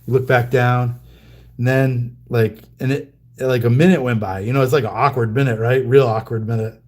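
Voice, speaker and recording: A man's voice: medium pitch, steady tone, normal speed. A man hosts a casual trading card livestream. He talks in a mid-range voice and rambles through his stories with plenty of fillers and small chuckles.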